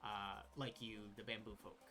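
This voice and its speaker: A man narrating a tabletop role-playing game as game master, relaxed and descriptive with frequent fillers. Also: on the low side, moderate pace.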